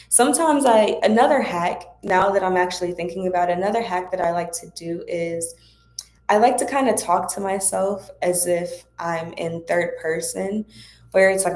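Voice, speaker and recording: A woman with a low voice talks casually to her viewers, offering spiritual guidance in an encouraging, chatty way. Her voice rings around an echoey room. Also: moderate pace, a little mellow. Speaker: host of a spiritual Q&A livestream.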